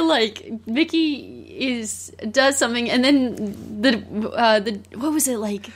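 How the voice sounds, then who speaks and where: Podcast co-host, woman, slightly high voice, chatty and animated, laughs a lot. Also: slow, breathy edge. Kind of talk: casual film discussion.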